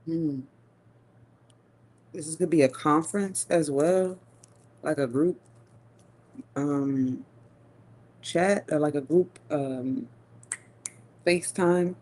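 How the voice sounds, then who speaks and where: A woman giving a live tarot reading, musing slowly with long hums and pauses, and talking in a casual, profane way. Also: low voice, darkish tone. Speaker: tarot reader.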